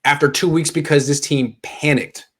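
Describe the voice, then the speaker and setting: A man's voice: a little high, fairly even intonation, moderate pace, a bit bright, slightly rough. A young adult man from the United States hosting a casual sports chat, reading viewer comments aloud and joking. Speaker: podcast host. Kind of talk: casual live-stream chat.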